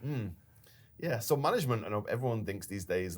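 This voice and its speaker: A man with a very low voice recounts a story in a relaxed business chat. He tells it with animation and laughs now and then as he co-hosts. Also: brisk. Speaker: company founder and podcast co-host.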